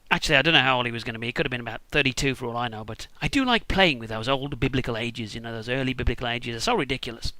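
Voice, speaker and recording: A man's voice: medium pitch, rapid-fire, hardly any pauses, pushed and bright, no room sound. A British man rambling through a crude, irreverent comic Bible retelling at home. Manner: profane, rambling, irreverent asides. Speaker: storyteller.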